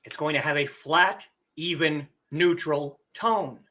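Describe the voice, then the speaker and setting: Slow and deliberate, this livestream host's mid-range voice comes across bright and forceful during a casual lesson. A cough has left it a bit hoarse, and frequent throat-clearing interrupts.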